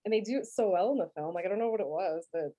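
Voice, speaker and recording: A woman with a New York accent, co-hosting a casual podcast chat about a film, animated and laughing, with frequent swearing. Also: mid-range voice, very fast. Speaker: podcast co-host.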